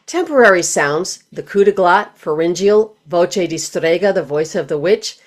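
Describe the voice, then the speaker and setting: Woman, voice teacher, slightly low-pitched, clear and measured, scripted instructional narration. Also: lively intonation.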